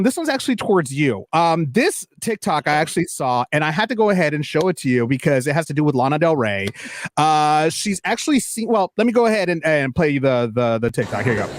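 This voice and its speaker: A man's voice: a little high, a little fast. A man co-hosting a podcast, chatting casually and laughing as he introduces clips. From Latino. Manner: laughing, lively, rambling with fillers. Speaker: podcast co-host. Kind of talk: casual chat reacting to clips.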